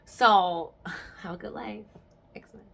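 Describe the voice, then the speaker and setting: A woman's voice: mid-range voice, takes it slowly, a bit bright. A young adult woman hosting a podcast, chatting casually and telling stories frankly with bursts of laughter. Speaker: podcast host.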